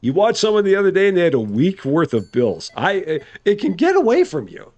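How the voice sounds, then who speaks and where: A man's voice: high voice, huge pitch swings, fairly quick, darkish tone, muffled recording. A man giving casual live gameplay commentary as a streamer, chatty and good-humored, thinking aloud. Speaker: game streamer.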